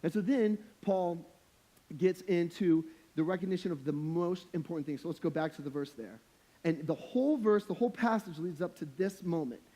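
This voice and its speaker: Young male pastor, high voice, casual slangy sermon, jokey and emphatic. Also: moderate pace, warm tone. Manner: humorous, emphatic preaching.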